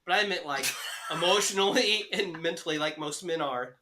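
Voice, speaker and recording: A man's voice: a little high, moderate pace, background noise. A man co-hosting a podcast in casual chat, joking and swearing, laughing often while chewing gum. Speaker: podcast co-host.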